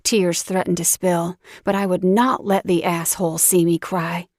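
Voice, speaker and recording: A woman narrating a first-person romance audiobook in an unhurried, dramatic storytelling voice. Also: fairly low pitch, little pitch movement, a little mellow, no echo, studio quality.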